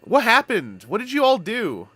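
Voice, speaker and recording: A man's voice: extremely high pitch, huge pitch swings, normal speed, bright, forceful tone, slightly rough, no echo. A man from Canada chatting casually on a live stream, telling rambling stories with playful wordplay.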